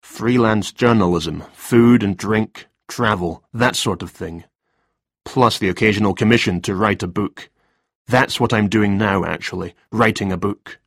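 A man's voice: fairly low pitch, a little slow, no room sound, studio quality. A man reading a flustered rambling writer. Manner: hesitant and rambling.

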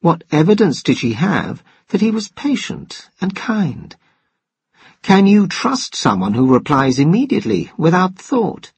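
A man narrating a novel in steady, even storytelling, with a husky voice. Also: on the high side, no room sound. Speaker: audiobook narrator. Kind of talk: scripted narration.

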